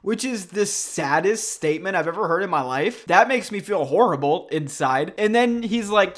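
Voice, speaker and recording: Guy with a pretty high voice roasting a clip, sarcastic and goofy. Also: normal speed, hardly any pauses. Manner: mocking, animated, mimics the clip in silly voices. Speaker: YouTube commentator. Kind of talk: sarcastic reaction commentary.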